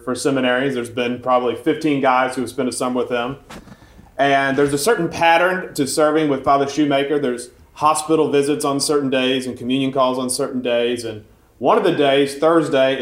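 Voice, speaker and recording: Priest preaching a homily in a roomy church. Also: male voice, mid-range voice. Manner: conversational storytelling, relaxed with fillers. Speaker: Catholic priest. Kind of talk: homily with a personal story.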